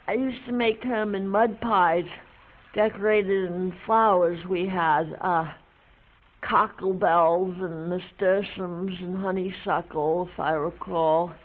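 An actress playing an older woman reminiscing to her dog, musing and unhurried, with hesitant pauses. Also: lowish voice. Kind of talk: film monologue. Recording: tinny, phone-like film audio.

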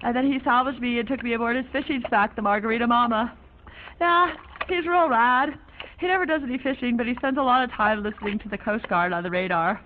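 An actress on the high side of the register, speaking fairly quickly and close to everyday, portrays a free-spirited young woman rambling breezily to a friend in quirky, ornate slang. It's a chatty, offbeat one-sided call with narrow phone-like audio and faint hiss.

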